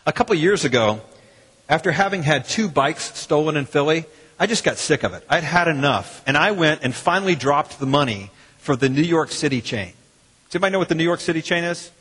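A man, a pastor preaching a sermon in a church in a lively, conversational way with quoted asides. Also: a little high, brisk, slightly rough. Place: church sanctuary. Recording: long hall reverb.

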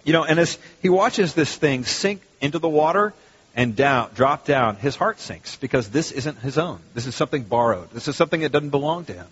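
A man with a slightly raised pitch preaches to his congregation, leaning on key words and restarting phrases as he goes. His voice is a little husky. It carries with a long hall reverb on a muffled recording. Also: lively intonation, fairly quick, fairly bright tone. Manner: conversational, emphatic preaching with restarts. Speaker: pastor. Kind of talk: sermon.

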